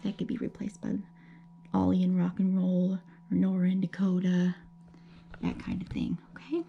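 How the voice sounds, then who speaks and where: A woman teaching young children a grammar lesson, gentle and patient, checking often that they follow. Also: fairly low pitch, completely flat delivery, vocal fry, lo-fi sound, a little hiss or hum. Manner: gentle, patient, explaining slowly with many checks like okay. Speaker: elementary school teacher.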